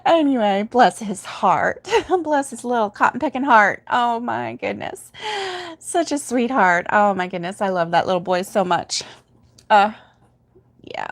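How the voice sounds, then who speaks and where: A woman's voice: medium pitch, lively intonation, a little slow, gravelly. An older woman hosts a casual livestream, telling a story in a chatty way, laughing often and reading viewer comments aloud. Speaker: host of a crochet livestream.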